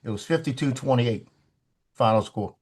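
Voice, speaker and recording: A man's voice: mid-range voice, moderate pace, breathy edge. A man telling a basketball story on a video call, acting out the quoted lines. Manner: animated, acts out quoted lines. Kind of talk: casual storytelling.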